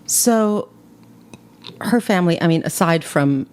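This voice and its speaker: A woman hosting a podcast who chats and reacts eagerly, with quick sarcastic asides. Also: fairly low pitch, animated, a little mellow, slight background noise. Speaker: podcast host. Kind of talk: casual interview chat.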